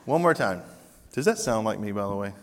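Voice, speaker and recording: A man's voice: lowish voice, expressive, fairly quick, in a large hall. A male pastor preaching in a conversational, emphatic way and reading scripture aloud in a church. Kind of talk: sermon.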